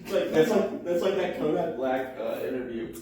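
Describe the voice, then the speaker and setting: A man's voice: on the high side, lively intonation, normal speed, a little mellow. Rambling man in an echoey room. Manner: rambling anecdotes with many fillers. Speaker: podcast co-host. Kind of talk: casual drunken chat. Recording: echoey room, far from the mic, faint noise.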